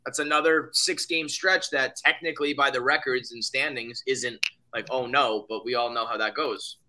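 A man co-hosting a podcast, chatting casually about baseball in a rambling, profane, excitable way. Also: mid-range voice, moderate pace. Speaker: podcast co-host. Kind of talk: casual sports chat.

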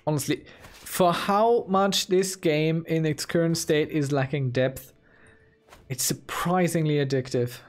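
A man's voice: a little high, steady tone, a little slow. A man commenting casually on his own strategy game, musing and talking to himself playfully. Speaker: gaming video host. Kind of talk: casual let's-play commentary. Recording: soft game music behind.

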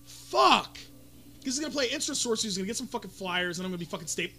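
A man's voice: sits high, lively intonation, very fast, pushed and bright. A man playing a card video game with a friend, commenting casually and ranting with lots of profanity. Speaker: gamer.

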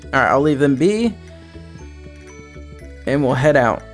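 A man's voice: medium pitch, sing-song, a little slow, soft background music. A young man giving rambling, chatty let's-play commentary as a gaming host. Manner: rambling, chatty, self-correcting.

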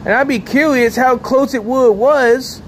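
A man's voice: very high voice, a little slow, slight background noise. A man rambling repetitively to camera outdoors, agitated and sleepy. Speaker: vlogger. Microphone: handheld camera.

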